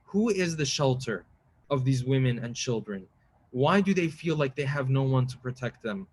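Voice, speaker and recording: A man giving a mournful sermon, telling a tragic story with rising emotion and quick recited lines. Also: medium pitch, animated, a little mellow, slight background noise. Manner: quotes Arabic lines in quick chant-like recitation. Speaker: preacher. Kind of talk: mournful majlis sermon narration.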